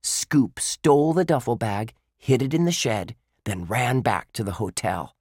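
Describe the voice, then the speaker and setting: A man's voice: mid-range voice, very animated, a little slow, a little mellow, husky, no echo, clean studio sound, voice pushed up, heavily acted. A man voicing an earnest young boy detective who reasons things out aloud.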